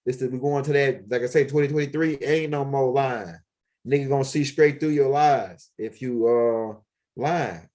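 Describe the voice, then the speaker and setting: A man's voice: medium pitch, normal speed, a little mellow. A man, rambling casually and profanely as he walks around his home, with lots of fillers. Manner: loose, profane street talk with many fillers. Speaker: video blogger. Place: at home, walking around the house and backyard.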